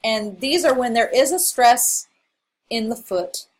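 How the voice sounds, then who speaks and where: A woman's voice: fairly high pitch, animated, measured pace, low-quality recording. Woman casually explaining poetic meter. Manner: casual, explanatory, with frequent fillers. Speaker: college English instructor. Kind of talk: recorded lecture over slides.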